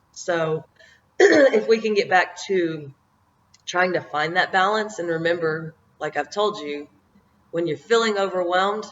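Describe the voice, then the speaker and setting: A middle-aged woman giving a motivational talk to camera, reflective and meandering, often laughing at herself. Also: fairly low pitch. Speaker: vlogger giving life encouragement. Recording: dull lo-fi audio.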